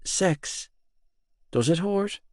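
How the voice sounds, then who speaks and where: A shy teenage girl in an audiobook, her voice pitched up and asking nervous, halting questions, as a male narrator puts her on. She speaks slowly, and the recording is close and dry. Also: lively intonation, no room sound, full character voice. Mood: nervous, curious. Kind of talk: audiobook dialogue.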